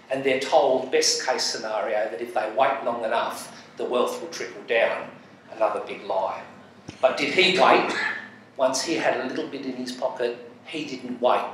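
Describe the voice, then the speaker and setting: A man's voice: medium pitch, fairly bright tone. A man with an Australian accent speaking on a public panel, impassioned and emphatic, repeating phrases for force. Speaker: panelist, charity advocate. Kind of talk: public panel talk with storytelling. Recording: echoey hall from far off, faint noise.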